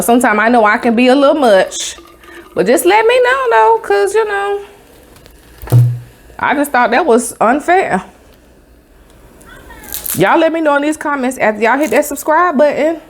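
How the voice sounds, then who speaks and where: A woman from Tampa, telling a sassy, emphatic story with sound effects in a casual vlog chat. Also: a little high. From Tampa, Florida. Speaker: vlogger.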